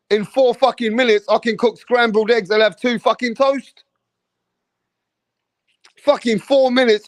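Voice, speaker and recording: A man with an English accent giving a profane, comedic rant as a boxing commentator, animated and full of swearing and mocking impressions. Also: high-pitched, dry recording.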